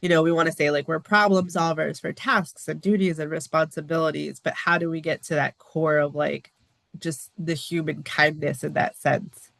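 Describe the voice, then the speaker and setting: A woman from the United States, a podcast guest talking openly in a casual interview, earnest and expressive, with small laughs and lively pitch jumps when she quotes others. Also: normal speed, gravelly.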